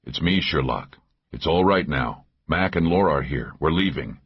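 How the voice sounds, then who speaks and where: Narrator doing a protective male agent, very low husky voice, dull sound. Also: animated, normal speed, no room sound, exaggerated voice. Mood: coaxing. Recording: dull lo-fi audio.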